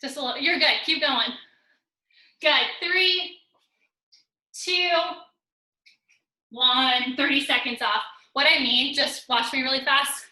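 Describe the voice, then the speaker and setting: Breathless, bright-voiced woman coaching a workout. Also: high-pitched, steady tone, moderate pace, hardly any pauses. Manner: upbeat coaching, counting down reps, joking asides. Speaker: fitness instructor. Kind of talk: live online workout class instruction. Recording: roomy echo.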